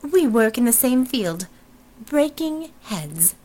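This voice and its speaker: Wisecracking tough heroine, a woman reading her, brash and slightly raised in pitch. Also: sing-song, moderate pace, a bit bright. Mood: sardonic. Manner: sardonic, brash. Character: wisecracking retired superheroine, tough and sardonic.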